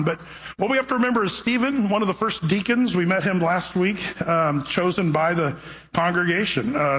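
A male pastor with a husky, fairly high voice tells a story from the pulpit. He talks in a chatty, animated way, with lots of casual asides, and acts out the people in his stories. His tone is bright and forward. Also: rough recording. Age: middle-aged or older. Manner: chatty, animated, full of asides like "man" and "you know". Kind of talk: storytelling sermon.

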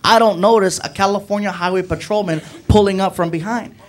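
A male stand-up comedian telling an animated story and acting out voices, in a noisy live recording. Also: high-pitched, fairly quick. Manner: animated, acts out voices, loud bursts.

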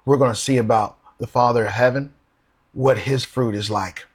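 Husky-voiced man preaching a sermon. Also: medium pitch, fairly even intonation. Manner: earnest, conversational preaching with rhetorical questions; slows down to read scripture aloud. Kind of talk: sermon with scripture readings.

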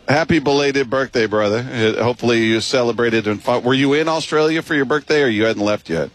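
A man's voice: mid-range voice, fairly quick. A man hosting a radio show, giving jokey, upbeat introductions in casual chat.

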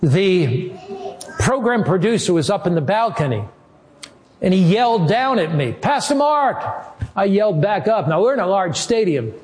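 Male pastor, sermon, earnest and measured, fairly high voice. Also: animated, darkish tone. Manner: earnest, measured, with slow emphatic phrases.

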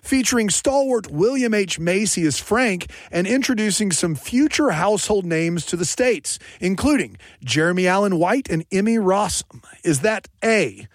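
A man's voice: sits high, no room sound. A man hosting a trivia game, reading questions and adding chatty, upbeat asides. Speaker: quiz host.

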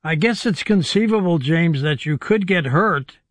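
A man hosting a radio call-in show, brisk and wry as he brings on callers. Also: a little high, animated, no room sound. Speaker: host.

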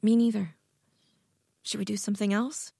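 A woman voicing an anxious, apologetic young woman who speaks in a halting, hesitant way. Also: medium pitch, level tone, vocal fry, warm tone, slightly rough, no room sound, clean studio sound, voice pushed up. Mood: soft.

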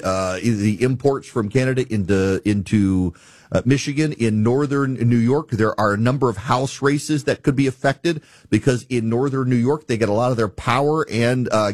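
A man's voice: mid-range voice, normal speed, darkish tone, no room sound, studio quality. A man hosting a talk radio show, giving emphatic, exasperated political commentary.

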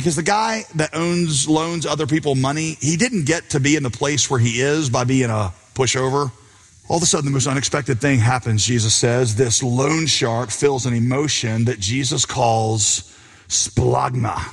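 A man preaching a sermon, telling a story and acting out its characters' lines. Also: mid-range voice. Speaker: pastor. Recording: long hall reverb.

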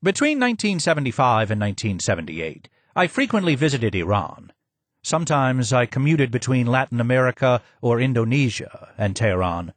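A man narrating a memoir audiobook in an expressive reading with strong emphasis. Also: medium pitch, moderate pace, no echo.

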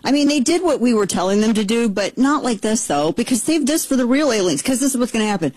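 Excitable sarcastic woman hosting a talk show. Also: fairly high pitch, fast talker, dry recording, rough recording. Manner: excitable, sarcastic, jumps into mock voices. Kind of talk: casual commentary chat.

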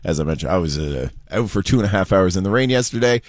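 A man co-hosting a radio show, briskly telling news stories in a casual way, his throat a little rough. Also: deep voice, animated, no room sound, clean studio sound. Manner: brisk storytelling of news items. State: slightly hoarse throat. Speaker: radio co-host.

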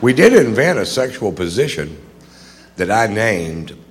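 A middle-aged man doing a stand-up routine, drawing out dry punchlines and acting out shouted quotes. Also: on the low side, very animated, a little slow. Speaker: stand-up comedian. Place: large theater stage. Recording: live hall recording with crowd noise. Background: audience laughter.

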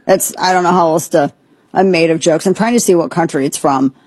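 A woman talk radio host riffing in a casual, joking way, quick to disbelief. Her voice is husky and a little breathy, recorded close and dry. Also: on the low side, a little mellow, dry recording. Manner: incredulous, joking, rapid asides. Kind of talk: casual talk show banter.

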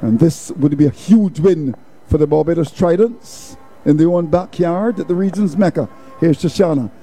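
A man giving ball-by-ball cricket commentary in a steady, folksy way, dropping proverbs between deliveries. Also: fairly high pitch, moderate pace, slightly rough, soft background music.

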